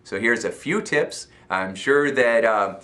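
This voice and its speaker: American guy coaching on stress, upbeat, chuckles a lot, bright voice. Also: mid-range voice, lively intonation, slow pace. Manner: upbeat, laughs often, acts out voices. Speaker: self-help coach. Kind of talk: motivational talk.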